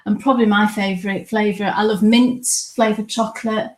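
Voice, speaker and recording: A woman's voice: medium pitch, brisk. Chatty enthusiastic woman co-host. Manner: chatty, enthusiastic, animated storytelling. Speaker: podcast co-host. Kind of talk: casual chat. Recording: live stream from home.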